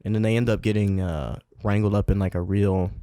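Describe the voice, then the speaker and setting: A man co-hosting a casual film review podcast, animated and profane, who keeps quoting movie lines in loud put-on voices. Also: lowish voice, a little fast, no echo, clean studio sound. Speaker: podcast co-host.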